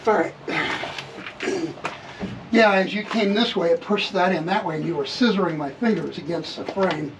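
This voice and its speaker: Talking a little slowly in a high voice, a man casually narrates his hands-on RV repair to the camera, explaining each step for viewers. The vlogger is working in a workshop area around a vehicle frame, and background noise can be heard.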